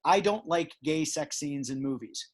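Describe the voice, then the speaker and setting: Pitched fairly high and moving a little slowly, a male podcast host talks casually. He rambles, stresses his points, and keeps restarting his sentences.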